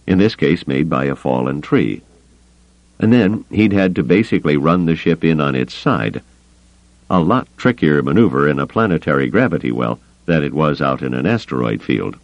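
A man reading an audiobook in a measured, expressive storytelling manner. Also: very deep voice, dry recording. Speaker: audiobook narrator. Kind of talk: scripted audiobook narration. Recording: dry, slightly muffled studio recording.

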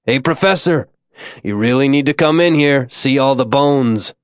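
A man reading an audiobook, voicing an excited male historian calling out through a cave. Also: medium pitch, moderate pace, clean tone, dry recording, clean studio sound, natural voice. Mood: urgent. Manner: calling out loudly.

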